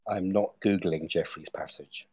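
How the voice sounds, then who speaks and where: A man's voice: deep voice, fairly even intonation, moderate pace, breathy edge, no echo, muffled recording. A man in his twenties co-hosting a casual podcast, laughing as he reads out a list. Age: 20s. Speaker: podcast co-host. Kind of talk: casual chat.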